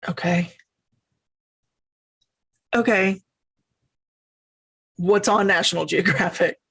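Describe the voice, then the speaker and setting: A woman's voice: lowish voice, fairly even intonation, slow, gravelly, fairly bright tone, slightly rough. A woman playing in a tabletop role-play, hesitant with a dry, sarcastic edge. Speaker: player.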